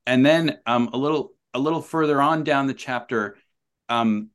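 A man as a podcast guest, explaining his ideas thoughtfully with many pauses, ums and restarts. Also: mid-range voice, clear, resonant tone. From New Zealand. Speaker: author and guest. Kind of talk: conversational podcast interview.

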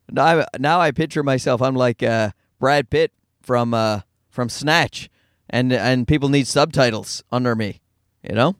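Man, Newfoundland accent, middle-aged, quick profane rambling, dry close sound. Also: mid-range voice, dry recording. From Newfoundland, Canada. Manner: fast-talking, profane, self-deprecating. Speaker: stand-up comedian, podcast host. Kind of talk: casual rambling monologue. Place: in a car.

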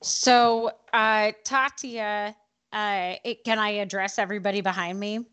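A woman playing a tabletop game, sassy and quick to swear. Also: mid-range voice, steady tone, a bit bright, smooth. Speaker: player. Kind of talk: casual tabletop play.

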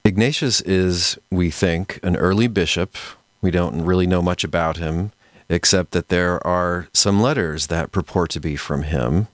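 A man hosting a podcast, explaining history in a measured, scholarly, conversational way. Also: deep voice, dry recording. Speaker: podcast host. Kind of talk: explanatory lecture-style podcast talk.

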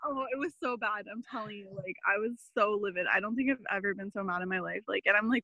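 Chatty bright-voiced woman telling stories. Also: mid-range voice, fast, hardly any pauses, no echo, low-quality recording. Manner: chatty, many fillers, animated quoting. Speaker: podcast guest. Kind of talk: casual interview storytelling.

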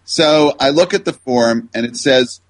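A man's voice: medium pitch, measured pace, low-quality recording. An older man, a guest researcher, telling a funny anecdote in a podcast interview with many fillers and restarts.

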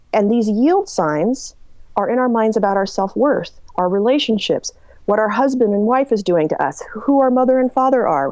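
A woman's voice: a little high, dry recording, highs cut off. A woman author and coach answering interview questions, telling client stories and acting out the people in them. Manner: animated, acts out quoted people.

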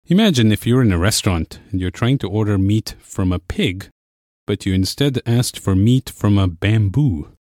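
A man teaching a language lesson, explaining clearly and patiently. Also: on the low side, animated, normal speed, darkish tone, no room sound, clean studio sound. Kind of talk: scripted lesson narration.

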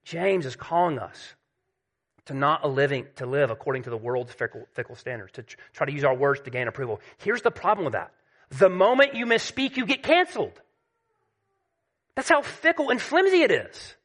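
A man preaching a sermon, emphatic and repetitive, dropping to a hush at key points. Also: on the high side, expressive, normal speed.

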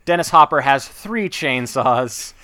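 A male podcast host chats in a rambling, enthusiastic flow, full of asides and fillers. His voice is bright and forward. It sounds dry and close to the mic. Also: mid-range voice, animated, a little slow, no echo. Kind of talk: casual chat.

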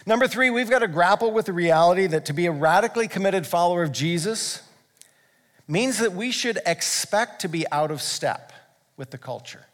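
A man's voice: high-pitched, expressive, normal speed, a bit bright. A male pastor preaching a sermon, earnest and building to fervent emphasis. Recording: long hall reverb.

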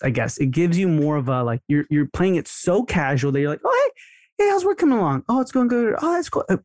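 A man's voice: medium pitch, a little mellow, dry recording, clean studio sound. A man coaching dental teams on marketing in a casual podcast, acting out sample conversations in a raised voice. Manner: chatty, role-plays dialogue in a raised voice. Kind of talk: casual instructional podcast talk.

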